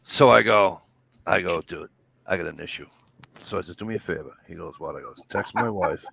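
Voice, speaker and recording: Give me a low-voiced man, telling swear-filled stories. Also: a little fast, creaky, fairly bright tone, breathy edge. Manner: swearing, rambling anecdotes. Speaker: storyteller. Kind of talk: casual chat.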